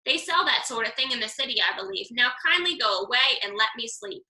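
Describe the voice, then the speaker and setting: A woman voicing a cross, half-deaf old male owl with a scratchy voice, speaking gruffly in a storybook reading. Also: on the high side, expressive, brisk, echoey room, recorded from a distance. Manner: gruff and impatient, loud.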